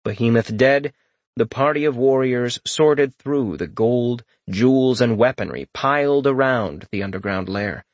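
A man narrating a fantasy novel as an audiobook in a steady, measured storytelling voice. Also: mid-range voice, no echo.

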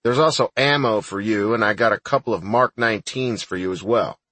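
A man voicing a gruff, blunt older army sergeant in an audiobook, with a husky voice. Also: lowish voice, fairly quick, fairly bright tone, dry recording.

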